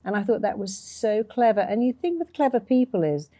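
Mellow-voiced woman host. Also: mid-range voice, expressive, a little fast, dry recording. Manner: effusive, praising, explains with examples. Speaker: interview host. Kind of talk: interview conversation.

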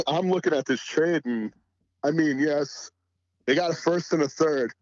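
A man's voice: fairly high pitch, measured pace, no echo, highs cut off. A man as a podcast guest in casual sports chat, laid-back and full of "you know" fillers.

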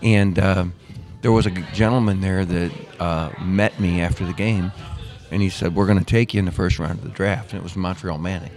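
Low-voiced older man telling stories. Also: steady tone, brisk, darkish tone, faint music behind. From Missouri, USA. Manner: rambling, with many restarts and quoted dialogue. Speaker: guest, former pro soccer player. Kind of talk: casual storytelling interview.

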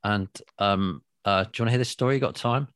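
A man with a rambling, lively storytelling manner, often laughing and restarting as a guest. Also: on the low side, fast talker, clean tone, dry recording, clean studio sound. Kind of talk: anecdotal storytelling.

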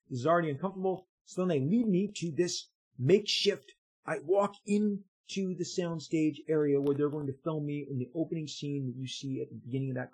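A man, a comic book artist, telling an anecdote to his viewers in an excitable way, stumbling and repeating words as he goes. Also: on the high side, slightly rough, rough recording. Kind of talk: casual storytelling to viewers.

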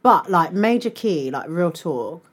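A young woman, telling stories in a relaxed podcast chat. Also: fairly low pitch, a little slow, breathy edge. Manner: laid-back, storytelling, swears casually. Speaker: podcast co-host. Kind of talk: casual chat.

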